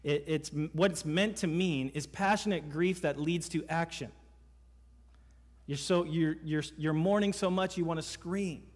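A man's voice: fairly high pitch, measured pace. A man preaching a sermon as pastor in a church, emphatic, asking the congregation one rhetorical question after another. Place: church sanctuary. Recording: reverberant hall sound.

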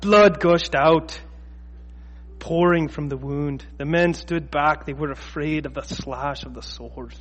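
A man putting on a Scottish accent to read an old epic tale aloud in a slow, theatrical way. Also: on the high side, big-room sound. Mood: declaiming. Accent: put-on Scottish. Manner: slow, declaiming, theatrical reading.

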